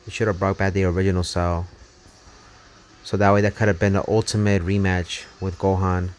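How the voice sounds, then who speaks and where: Excitable swearing man streaming a game. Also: low-pitched, fairly quick, slight background noise. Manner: excitable, swearing, rambling, self-mocking. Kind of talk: casual live gameplay commentary. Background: faint game music.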